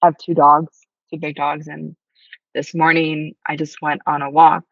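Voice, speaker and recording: Low-voiced woman telling a story. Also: normal speed, gravelly, no echo, dull audio. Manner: animated, acts out quoted voices, swears casually. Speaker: panel guest. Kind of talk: casual storytelling in a discussion.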